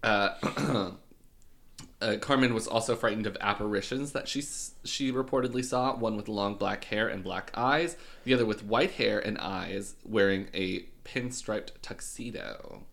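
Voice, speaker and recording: A man's voice: on the low side, a little slow, gravelly, a bit bright. A young man co-hosting a podcast, telling a ghost story from notes in a dry, teasing way. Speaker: podcast co-host. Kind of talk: casual storytelling chat.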